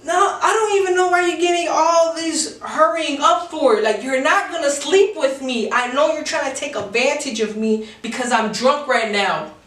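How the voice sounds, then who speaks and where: A drunk, defiant young woman snapping back in a shrill, raised voice, put on by a woman telling the story. The sound is roomy and echoing, caught from some distance away from the mic. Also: normal speed, few pauses, fairly bright tone. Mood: accusing.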